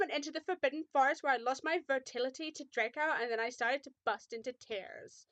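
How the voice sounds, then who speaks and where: A woman's voice: high voice, a little fast, few pauses, a bit bright, dry recording. A young woman reading a fan fiction aloud with mock drama, often breaking off to make sarcastic remarks.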